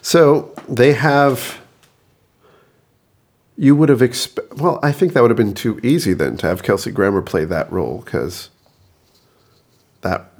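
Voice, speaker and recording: A man's voice: mid-range voice, lively intonation, a little slow, long pauses, a little mellow. A man co-hosting a podcast in casual chat, curious and asking questions, laughing easily. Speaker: podcast co-host.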